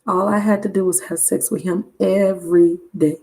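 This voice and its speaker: A woman hosting a live tarot reading stream, telling a story in a casual, animated and blunt way. She laughs often and swears freely. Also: on the low side, normal speed. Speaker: tarot reader livestream host. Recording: roomy echo.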